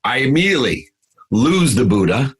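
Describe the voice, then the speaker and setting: A middle-aged man, a podcast guest, telling a motivational story in an intense, emphatic way that swings between loud and hushed. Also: mid-range voice, big pitch swings, normal speed, breathy edge.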